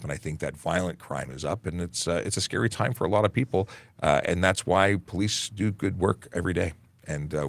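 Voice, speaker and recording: A man's voice: sits low, creaky, no room sound. A man, a police constable, hosting a casual livestream Q&A, reading viewer comments aloud and joking with many fillers. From Canada. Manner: chatty, jokey, reads chat aloud with many fillers.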